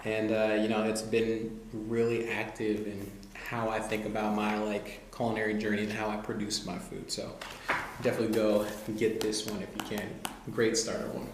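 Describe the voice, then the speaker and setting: A man's voice: fairly low pitch, moderate pace. Laid-back man in an echoey room. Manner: relaxed, loose, many fillers like "you know" and "like". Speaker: vlogger reviewing cookbooks. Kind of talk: casual talk to camera. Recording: very echoey room, faint noise.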